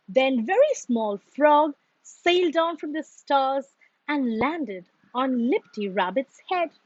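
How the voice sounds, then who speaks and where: A woman reading a children's storybook aloud in a slow, expressive, sing-song way. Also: sits high, no echo, highs cut off.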